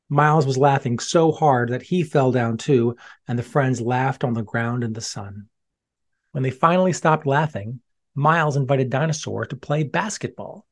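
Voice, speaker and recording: A storyteller giving gentle, expressive children's storybook narration. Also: mid-range voice.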